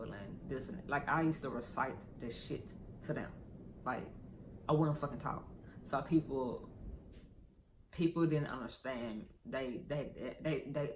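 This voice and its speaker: A man's voice: mid-range voice, gravelly, noisy background. A man talking candidly in a personal vlog, rambling and swearing as he tells a painful story. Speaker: vlogger.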